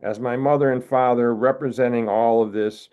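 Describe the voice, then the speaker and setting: An older man from the United States, giving a wry, measured poetry reading as a poet. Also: mid-range voice, fairly even intonation. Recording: narrow phone-like video call audio.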